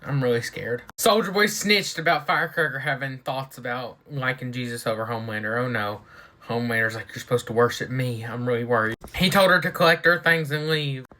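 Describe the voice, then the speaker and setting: A speaker reacting to a TV episode in a casual running commentary, excitable and anxious, gasping and shouting at the big moments. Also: mid-range voice, brisk, few pauses. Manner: excitable, gasps and shouts at surprises, keeps saying she's worried. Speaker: TV reaction reviewer.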